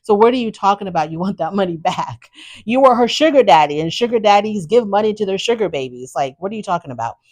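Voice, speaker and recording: A woman hosting a podcast, casually recapping a reality show with blunt, animated opinions and exasperated asides. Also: mid-range voice, fast, hardly any pauses. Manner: animated, exasperated, talks straight to the subject.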